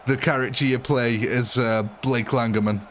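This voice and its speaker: Joking British game streamer. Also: male voice, medium pitch, fairly even intonation, moderate pace, a bit bright, a little hiss or hum. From Britain. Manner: joking, chatty, answers chat by name. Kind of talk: casual live-stream chat with viewers.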